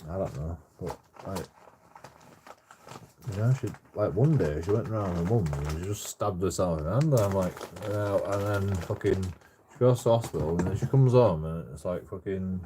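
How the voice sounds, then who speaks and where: A man, telling a rambling story in casual chat, swearing heavily and filling every pause with "you know". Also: low voice, noisy background. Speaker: storyteller recounting his own troubles.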